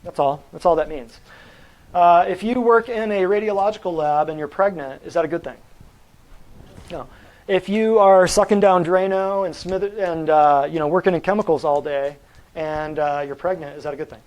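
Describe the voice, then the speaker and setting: A man's voice: sits high, normal speed, darkish tone, low-quality recording. Emphatic man quizzing his audience. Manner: blunt and combative. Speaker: natural health practitioner giving a talk. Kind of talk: lecture to a live audience.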